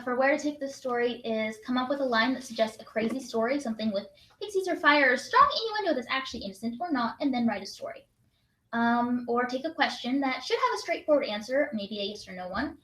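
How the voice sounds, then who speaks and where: A woman's voice: high voice, lively intonation, a bit bright. Bubbly young woman in an echoey room. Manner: bubbly, quick to laugh, reads prompts aloud. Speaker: write-in co-host. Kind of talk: casual livestream chat. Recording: roomy echo.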